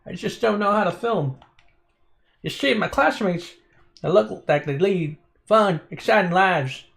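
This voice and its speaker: A man's voice: high-pitched, lively intonation, measured pace, gravelly, a bit bright, voice pushed up, heavily acted. A man voicing a weary young countryside student in a put-on rural American country accent, reading game dialogue aloud with an exaggerated drawl. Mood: mopey, drawling. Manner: drawling, exaggerated hick delivery.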